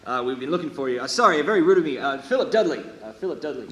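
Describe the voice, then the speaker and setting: A man voicing a polite gentleman rider in a tabletop game, courteous and hesitant with many fillers. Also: fairly high pitch, animated, rapid-fire, echoey room, natural voice.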